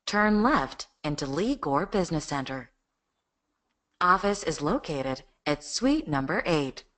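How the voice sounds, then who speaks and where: Woman doing a calm GPS navigation voice. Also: low voice, full character voice. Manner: slow, even, precise instructions. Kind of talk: voiceover demo.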